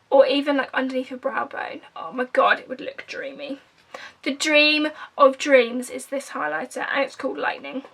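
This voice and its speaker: A young beauty vlogger from England with an Essex accent casually reviews makeup, gushing and chatty, now and then dropping to a whisper. Her voice is high and sharp-toned.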